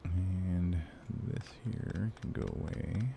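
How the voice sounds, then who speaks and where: A man's voice: sits low, steady tone, slow, vocal fry, warm tone, a little hiss or hum. A man streaming a game, chatting casually and ranting with lots of swearing and fillers. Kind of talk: casual live-stream chat.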